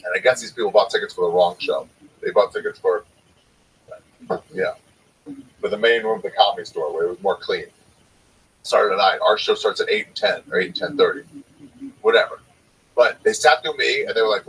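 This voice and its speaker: A man's voice: on the low side, animated, fairly quick, a bit bright, breathy edge. A man who is a stand-up comedian, telling rambling, profane anecdotes in casual chat. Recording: distant mic.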